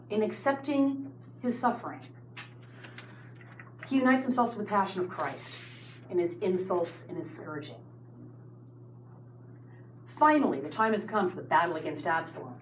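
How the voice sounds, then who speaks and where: A woman teaching a Bible study class, telling the story with lively asides to her students, in a roomy space with faint noise. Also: lowish voice.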